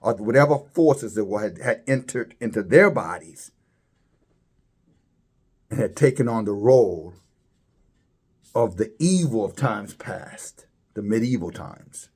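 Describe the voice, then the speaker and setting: Halting preacher man, rising emphasis. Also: lively intonation, darkish tone, husky. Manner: halting, repeats words, rises high when stressing points. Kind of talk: religious commentary sermon.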